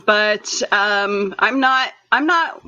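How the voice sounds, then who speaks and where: A woman's voice: mid-range voice, very slow, sharp tone, smooth. A woman on a podcast, chatting casually and hesitantly, with many ums and restarts. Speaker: podcast co-host. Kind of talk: casual chat. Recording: dull lo-fi remote audio.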